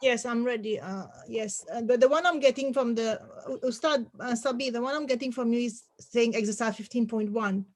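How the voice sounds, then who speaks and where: Woman student on a call, kinda high voice, soft and unsure. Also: normal speed, few pauses. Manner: hesitant, soft-spoken. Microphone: video call.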